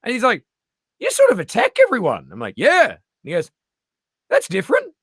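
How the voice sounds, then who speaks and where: A middle-aged Australian man, a comedian guest in casual chat, animated and swearing freely as he acts out little voices. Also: very high voice, a little fast, breathy edge, no room sound, clean studio sound.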